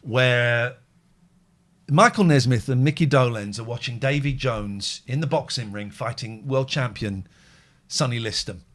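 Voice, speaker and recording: A phone-in show host with a medium-pitched voice talks a little slowly in casual chat. He rambles and gets excitable, swinging between loud outbursts and quiet musing.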